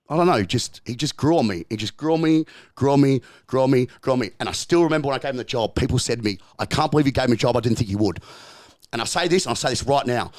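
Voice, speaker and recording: A man with an Australian accent, a podcast guest telling stories in casual chat, swearing often, with emphatic restarts and repeated phrases. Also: mid-range voice. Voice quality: profane, emphatic storytelling. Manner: repetitive restarts and rapid bursts.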